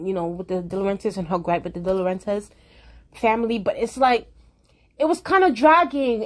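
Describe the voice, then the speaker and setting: A young woman, rambling through a casual opinion vlog and restarting her sentences often. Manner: rambling, restarts often, animated swings in pitch. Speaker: vlogger.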